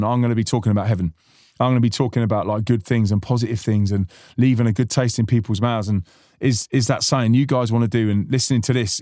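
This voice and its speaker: A man's voice: mid-range voice, darkish tone, no room sound, studio quality. A man hosting a podcast, chatting casually and earnestly, rambling with many restarts. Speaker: podcast host and musician. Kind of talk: casual reflective chat.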